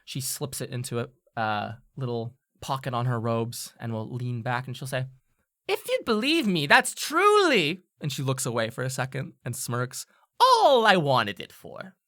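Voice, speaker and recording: A woman's voice: a bass voice, very animated, normal speed, fairly bright tone, exaggerated voice. A woman voicing a sly, scheming older witch who trades in magic, with a theatrical, sighing manner, in a tabletop role-play. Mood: smug.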